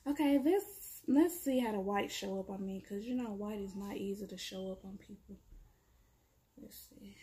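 Woman vlogger, unhurried delivery, gushing casual review, talks to viewers as y'all. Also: mid-range voice. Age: adult, has kids. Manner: excited, chatty, addresses viewers as y'all. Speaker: beauty vlogger.

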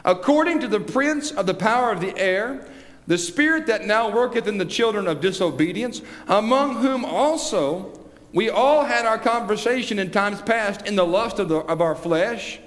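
A man's voice: high voice, lively intonation, moderate pace, a bit bright. A man preaching a sermon in a church, quoting scripture and building to emphatic peaks. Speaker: pastor. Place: church sanctuary. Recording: long church reverb.

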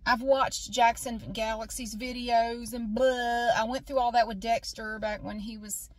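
A woman's voice: on the high side, level tone, measured pace, no echo. A tired woman venting in a casual vlog, recorded on a phone in her parked car, frustrated and talking to herself. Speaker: vlogger.

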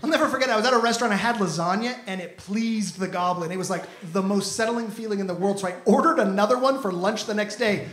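High-voiced stand-up comic, echoey club. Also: male voice, quick pace, few pauses. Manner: animated, exasperated storytelling. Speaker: stand-up comedian. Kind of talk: stand-up comedy set. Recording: echoey venue with loud audience ambience. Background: audience laughter.

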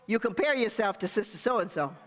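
A woman's voice: mid-range voice, expressive, a little fast, long reverb tail. An older woman pastor preaching a sermon, speaking straight to the congregation with call-and-response asides.

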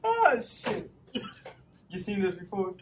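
Joking man with high, lively voice, far off. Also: slow. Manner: joking side comments, warns about the aftermath. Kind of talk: casual group banter. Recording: echoey room from far off, clear noise.

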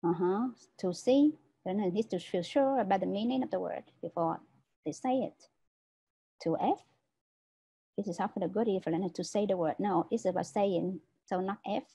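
A woman trains teachers in an online lecture, speaking in a warm, mellow and slightly husky voice. She explains patiently, step by step, and keeps checking in with "right?". The sound comes through a video call. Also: medium pitch, moderate pace, low-quality recording.

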